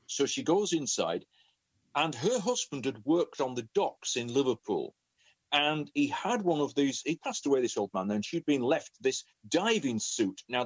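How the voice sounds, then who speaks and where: A man who is a professional storyteller, telling a family story in an animated way, often repeating words. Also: medium pitch, no room sound, muffled recording. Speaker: professional storyteller and children's author. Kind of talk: conversational storytelling.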